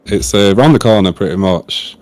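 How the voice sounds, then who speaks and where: A man's voice: lowish voice, a little fast, a little mellow, dry recording. A young man with a Manchester accent, chatting casually and openly as a streamer guest. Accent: Manchester English. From England. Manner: laid-back, open, chatty. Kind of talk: casual chat.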